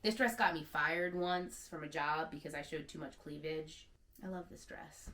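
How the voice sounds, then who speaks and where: A candid, chatty woman in her thirties, talking on camera at home with a low, easy voice. She keeps it loose, with lots of little "like"s, in a casual vlog. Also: steady tone, normal speed, pushed and bright. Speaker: secondhand stylist.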